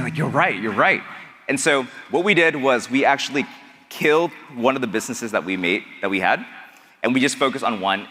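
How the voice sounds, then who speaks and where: A man giving an energetic seminar talk to a live audience as a business coach, often asking the crowd questions. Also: medium pitch. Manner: animated, asks the crowd questions. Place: event hall with a live audience. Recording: long hall reverb.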